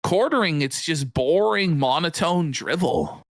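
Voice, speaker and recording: A man's voice: fairly high pitch, unhurried, dry recording. A man co-hosting a live stream, mocking and ranting at length in sarcastic commentary. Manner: mocking, animated, rants at length. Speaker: co-host.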